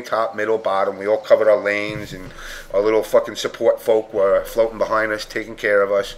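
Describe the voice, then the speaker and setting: A man's voice: fairly low pitch, fairly bright tone. Blunt, profane man telling a story. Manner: profane, blunt, acts out quotes. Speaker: podcast panelist. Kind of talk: casual chat storytelling.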